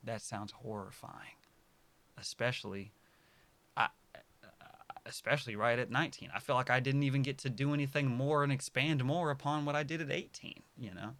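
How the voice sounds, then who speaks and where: A man in his early twenties talking casually to his viewers, rambling and correcting himself, dropping to soft mutters and then bursting out loud. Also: medium pitch, normal speed. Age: early 20s. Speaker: vlogger. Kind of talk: casual personal monologue to camera.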